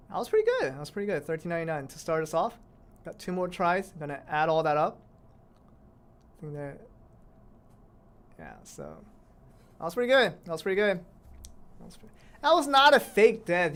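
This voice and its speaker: A woman streaming a mobile game, chatting casually to viewers and exclaiming at near misses. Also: low voice. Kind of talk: casual live-stream commentary while playing.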